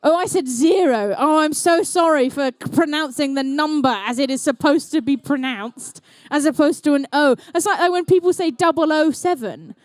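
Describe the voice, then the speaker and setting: High-voiced playful woman commentator. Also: normal speed, few pauses, no room sound. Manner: playful, jokey banter with the crowd. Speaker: event commentator and emcee. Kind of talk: live event commentary. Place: indoor competition venue.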